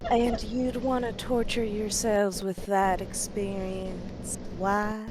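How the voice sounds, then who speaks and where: A woman's voice: medium pitch, flat delivery, takes it slowly. A woman playing her character in a tabletop game, composed and matter-of-fact. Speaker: player. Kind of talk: in-character roleplay. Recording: noisy stream audio.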